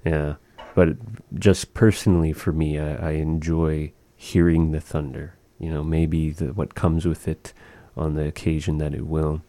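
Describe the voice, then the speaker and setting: A man's voice: extremely low pitch, level tone, measured pace, few pauses, dark tone. A man teaching a language lesson, speaking patiently and repeating words for practice.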